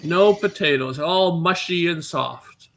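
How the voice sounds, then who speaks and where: A man with a high, gravelly voice chats on a video call. His tone is bright and edgy, and he talks in an easygoing, joking way. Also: slow. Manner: easygoing, joking, backchannels a lot. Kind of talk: casual chat.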